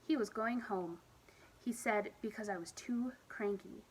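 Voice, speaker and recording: A woman reading a children's picture book aloud at storytime, with expressive, lively emphasis. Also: medium pitch, a little slow, a little hiss or hum, rough recording. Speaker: storytime reader.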